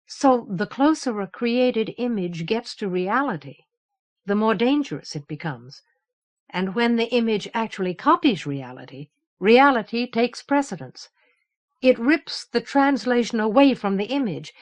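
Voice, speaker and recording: Brooding young male imager, measured and withdrawn, audiobook read by a woman. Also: fairly high pitch, big pitch swings. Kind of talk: audiobook character reading.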